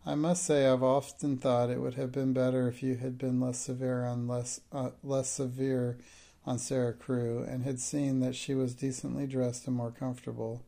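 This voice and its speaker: A man's voice: medium pitch, level tone, normal speed, creaky, warm tone, natural voice. A man voicing a timid, tearful schoolmistress. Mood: tearful, hysterical. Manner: pleading, breaking into hysterical outbursts. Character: timid middle-aged schoolmistress, tearful and hysterical.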